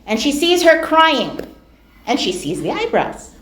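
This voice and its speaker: एक महिला जो धार्मिक व्याख्यान में कहानियाँ सुनाती है, जोश से बोलती है और बात पर ज़ोर देने के लिए शब्द दोहराती है। उसकी आवाज़ ऊँची है, और वह एक गूँजते हॉल से सुनाई देती है।. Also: female voice, high-pitched, unhurried. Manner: animated, acts out quoted voices, repeats words for emphasis. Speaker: Islamic lecturer. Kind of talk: storytelling religious lecture. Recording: echoey hall.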